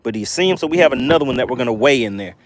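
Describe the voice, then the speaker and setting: A man hosting a live fishing stream, exclaiming excitedly as he shows off his catch. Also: medium pitch, racing, no echo. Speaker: fishing livestream host.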